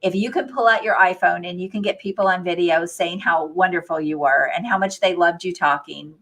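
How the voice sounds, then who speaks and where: A woman's voice: lowish voice, fairly even intonation, fairly quick, fairly bright tone. Encouraging woman business coach. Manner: enthusiastic, encouraging, gives advice. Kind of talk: casual interview chat.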